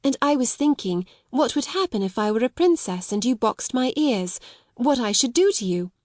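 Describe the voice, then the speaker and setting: A composed schoolgirl, as a woman narrator voices her, speaks grandly and politely with calm self-possession. The voice is lifted a little above the narrator's own. The sound is close and dry. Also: fairly high pitch, normal speed, no room sound, voice pushed up, natural voice. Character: proud, composed young schoolgirl.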